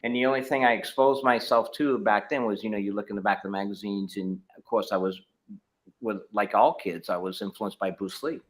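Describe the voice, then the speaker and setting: A man's voice: on the low side, steady tone, a little fast. Middle-aged man, martial arts instructor, rambling casual storytelling, lots of fillers and restarts, video call.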